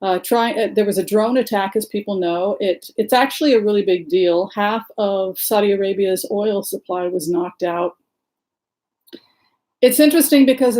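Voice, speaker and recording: A woman's voice: mid-range voice, darkish tone. A woman hosting a casual livestream, greeting viewers by name and talking with many fillers and restarts. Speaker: livestream host and tarot reader.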